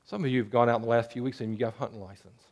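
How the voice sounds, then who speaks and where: A man's voice: medium pitch, steady tone, racing, a little mellow. A man preaching a sermon, moving between earnest scripture reading and playful jokes with sheep bleats. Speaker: pastor.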